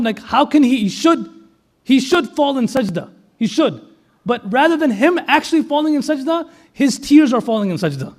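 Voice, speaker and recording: Male preacher, very high voice, animated storyteller who questions the listeners and mixes in Arabic and Urdu phrases. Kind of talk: storytelling sermon.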